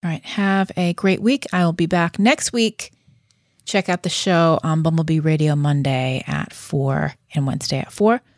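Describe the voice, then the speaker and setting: A woman's voice: low-pitched, fairly even intonation, moderate pace, a little mellow, no room sound, studio quality. A woman radio host with a Boston accent, chatting in an upbeat, breezy way as she wraps up her show. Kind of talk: casual radio sign-off chat.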